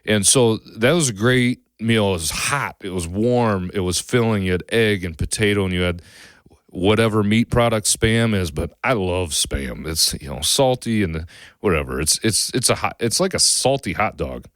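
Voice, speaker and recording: A man's voice: fairly low pitch, animated, moderate pace, dry recording, clean studio sound. A man hosting a casual cooking podcast, talking in a rambling, folksy way with many restarts. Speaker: podcast host.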